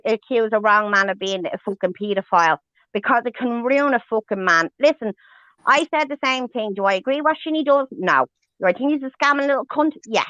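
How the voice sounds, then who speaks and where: A woman's voice: sits high, fairly bright tone, no room sound. A woman hosting a livestream, ranting angrily and swearing with heavy emphasis. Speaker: livestream host. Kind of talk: heated livestream rant. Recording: dull lo-fi stream audio.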